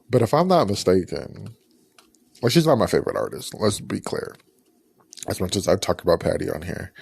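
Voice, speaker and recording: A man's voice: on the low side, dark tone, no echo, studio quality. A man hosting a podcast, chatting casually and rambling through a review with lots of fillers and restarts. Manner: chatty, rambling, frequent fillers and self-corrections. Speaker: podcast host.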